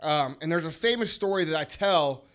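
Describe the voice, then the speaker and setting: A man's voice: a little high, animated, normal speed, a bit bright. A man in his thirties hosting a podcast, telling stories in an emphatic, profane, casual way. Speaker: podcast host.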